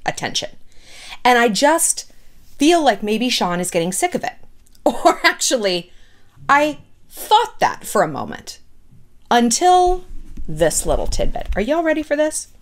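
An animated woman delivering casual gossip commentary with a candid, sarcastic edge. Her voice sits a little high and leaps around a lot in pitch. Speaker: pop culture commentary host.

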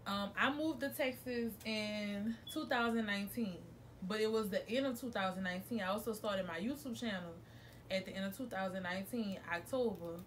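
Speaking from home, this young New Orleans vlogger chats through a casual storytime monologue, rambling and fixing her words as she goes. She has a mid-range voice at a moderate pace, with slight background noise.

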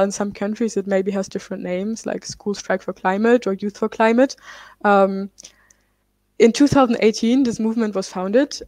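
A young woman from Germany in her twenties speaks on a panel about her activism. Her delivery is loose and easygoing, full of fillers and quick self-corrections. Her voice sits at a middle pitch and sounds close and dry, with no room around it. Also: a little mellow, no room sound. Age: 20s. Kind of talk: panel talk.

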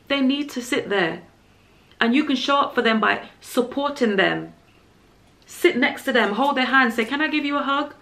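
A woman's voice: on the high side, a bit bright. A woman vlogger giving an earnest, emphatic opinion monologue, repeating her points for stress.

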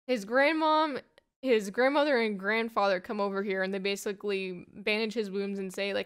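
A woman's voice: medium pitch, steady tone, normal speed, clear, resonant tone. A woman giving a casual, rambling plot summary of a comic, full of "like" and "you know". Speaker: comic book reviewer.

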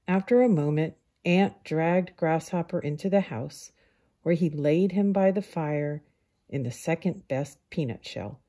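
A woman reading a children's picture book aloud in a calm, unhurried storyteller manner. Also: sits low.

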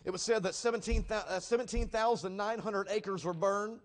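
A man, preaching a sermon in a church. He rises to loud, emphatic peaks and then drops to hushed, low stretches to press his point home. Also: steady tone, a little fast. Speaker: visiting evangelist. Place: church sanctuary.

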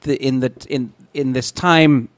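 A man on a comedy podcast as a guest, speaking in a halting, meandering way and often restarting his sentences. His pitch sits in the middle range, and the recording is close and dry. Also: fairly even intonation, dry recording. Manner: hesitant, lots of filler and restarts. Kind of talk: casual comedic podcast chat.

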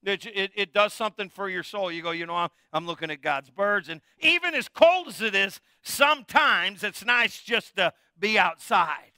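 Middle-aged male pastor, conversational jokey sermon with call-and-response, bright crisp voice. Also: sits high, lively intonation, moderate pace, hardly any pauses, no echo, studio quality.

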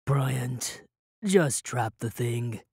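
Man voicing a weary, overly calm young wizard. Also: mid-range voice, takes it slowly, breathy edge, no echo, clean studio sound, voice pushed down. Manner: overly calm, tired, prim.

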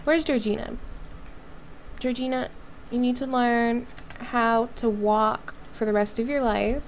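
Her voice sits on the high side, steady in tone and a touch slow, with slight background noise. She's hosting a life-sim let's-play, chatting easily and speaking to her characters as the game goes on.

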